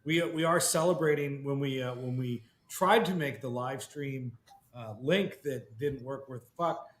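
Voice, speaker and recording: A podcast host in relaxed casual chat who swears casually. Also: male voice, mid-range voice, measured pace. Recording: echoey room, faint noise.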